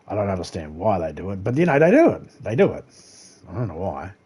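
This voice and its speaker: Here the Australian streamer's voice sits low, mellow with a breathy edge, and he talks fast and very animatedly. Gaming live, he rants in rambling chat, swears freely and laughs at his own jokes.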